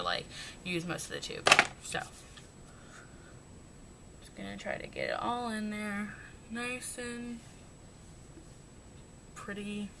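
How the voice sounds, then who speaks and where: A young woman chatting casually through her makeup routine, rambling and joking at herself. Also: pushed and bright. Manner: chatty, rambling, self-mocking. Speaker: beauty vlogger. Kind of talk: casual makeup tutorial chat. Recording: noisy home recording with rumble.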